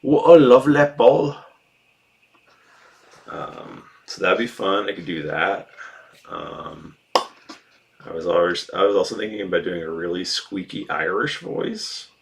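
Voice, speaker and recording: A man's voice: low voice, a little slow, gravelly, a bit bright. A man from the US Northeast, a craft streamer, chatting casually with his viewers in a rambling, self-deprecating way and swearing freely. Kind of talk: casual livestream chat.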